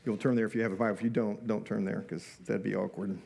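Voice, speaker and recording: A man's voice: fairly low pitch, fairly even intonation, fast talker, vocal fry, dark tone, a little hiss or hum. A middle-aged man preaching a sermon in a conversational way, with rhetorical questions and joking asides. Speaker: pastor.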